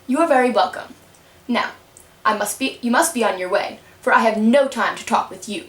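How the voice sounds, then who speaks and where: Aloof caterpillar voiced by a woman, curt and slow, echoey far-off sound. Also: a little high, fairly bright tone, close to an everyday voice. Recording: roomy, mic set far off.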